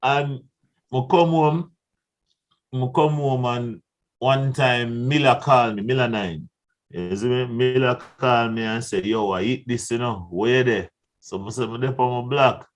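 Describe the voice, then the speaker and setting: A young man with a Jamaican accent telling stories in a casual interview, laughing often and acting out the voices of people in his tale. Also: mid-range voice. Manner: animated storyteller who laughs often and acts out voices. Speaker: guest artist.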